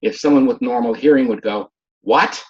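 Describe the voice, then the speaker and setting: A man's voice: mid-range voice, animated, unhurried. A man who works with hearing-aid patients gives an informal lecture and acts out patients and their families as he talks. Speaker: hearing specialist teaching a class. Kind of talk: informal lecture with acted examples. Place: online video session. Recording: dull muffled video-call audio.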